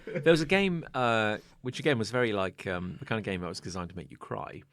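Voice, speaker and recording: A man co-hosting a podcast, telling animated stories in casual chat and swearing freely. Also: on the low side, brisk. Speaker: podcast co-host.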